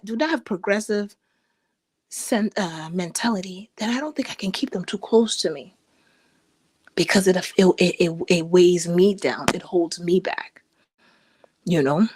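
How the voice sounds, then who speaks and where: A woman in her thirties hosting a casual livestream chat, talking in an expressive, rambling way with frequent restarts and laughs. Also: unhurried, pauses often, husky. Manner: animated and expressive, pitch swinging high and low. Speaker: host.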